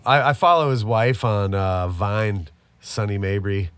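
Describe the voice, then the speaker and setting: A man's voice: fairly low pitch, measured pace, fairly bright tone, clear, resonant tone, dry recording. A married man co-hosting a casual chat, rambling and laughing as he talks, swearing now and then. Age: adult, married. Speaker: podcast co-host.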